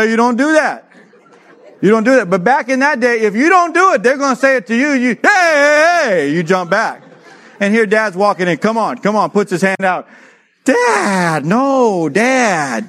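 A middle-aged man preaching, telling a childhood story with lively acted-out voices. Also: high voice. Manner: animated storyteller, acts out voices, laughs often. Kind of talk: sermon with a personal story.

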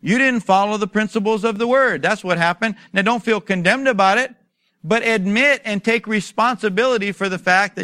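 A man preaching a sermon, telling stories and asking rhetorical questions, building to loud, emphatic exhortation. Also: sits high, normal speed, no room sound, clean studio sound. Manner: storytelling with acted asides and rhetorical questions. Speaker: pastor.

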